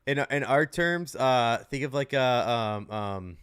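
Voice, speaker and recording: A man on a sports and betting podcast, talking loosely and with emphasis, and swearing freely. His voice is smooth and resonant. The sound is dry and close. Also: medium pitch, animated, a little slow, a bit bright, dry recording. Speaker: podcast co-host. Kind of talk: casual chat.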